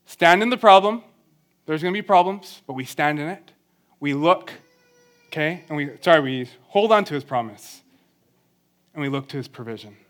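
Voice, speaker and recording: Young male church speaker, high-pitched, earnest and conversational, pokes fun at himself. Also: animated, normal speed, pauses often. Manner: earnest, conversational, self-deprecating humor. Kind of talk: sermon.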